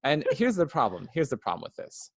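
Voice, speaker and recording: A man's voice: on the high side, huge pitch swings, brisk, no room sound, clean studio sound. A man co-hosting a casual podcast, animatedly retelling scenes and acting out characters' lines. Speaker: podcast co-host. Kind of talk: casual podcast review chat.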